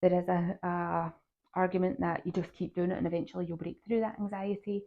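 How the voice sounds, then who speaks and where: Gravelly-voiced woman podcaster, phone-tinny. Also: on the low side, level tone, a little fast. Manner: earnest, encouraging, direct to listeners. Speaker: podcast host and health coach. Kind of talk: solo podcast talk.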